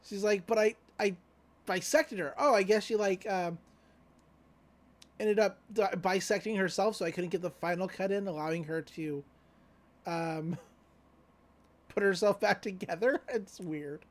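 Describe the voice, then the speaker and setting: A medium-pitched, unhurried voice with long pauses belongs to a podcast co-host casually going over an anime episode. The recap is easygoing and loose, heavy on fillers and loosely paraphrased quotes.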